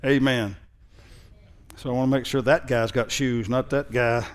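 A man preaching a sermon in a conversational way that builds into loud, emphatic preaching, often using a sarcastic tone. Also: mid-range voice, steady tone. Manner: reads scripture in a slow, mocking sarcastic tone. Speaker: pastor.

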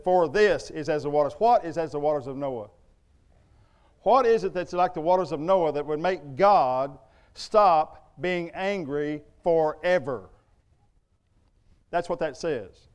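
A man's voice: a little high, darkish tone, clean tone. A middle-aged man preaching a sermon in a church, emphatic and conversational, full of rhetorical questions. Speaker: pastor.

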